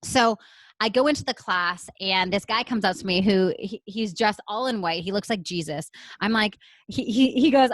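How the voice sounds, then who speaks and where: A woman from Canada, a podcast guest telling a personal story in a lively way and acting out what she said back then. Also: medium pitch, moderate pace, no echo, poor audio. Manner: animated, acts out her own past lines. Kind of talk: storytelling interview answer.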